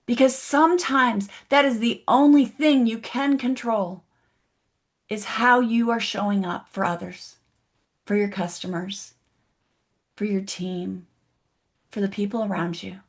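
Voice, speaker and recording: A woman's voice: medium pitch, fairly even intonation, measured pace, pauses often. A woman giving a motivational keynote speech, telling a story and asking the audience direct questions. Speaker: motivational speaker. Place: online event, audience in chat.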